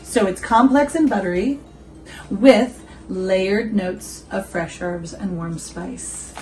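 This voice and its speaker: Casual, giggly woman host chatting through a coffee review at home, with soft music under her voice. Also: medium pitch, slow pace, low-quality recording. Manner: chatty and giggly, quizzes viewers, asides to her dog.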